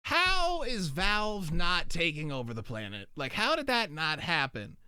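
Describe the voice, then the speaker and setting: Animated rambling man, bright dry voice. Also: on the high side, clear, resonant tone, no room sound. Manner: rambling, animated, quick tangents. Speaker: podcast host. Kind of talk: casual chat. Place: home studio with soundproofing.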